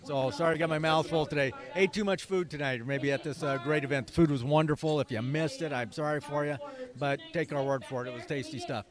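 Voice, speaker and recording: A man with a fairly high voice chats his way into an interview, rambling with easy folksy asides. A lively crowd murmurs clearly behind him at the indoor event. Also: quick pace. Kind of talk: casual on-site interview. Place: indoor evening gala.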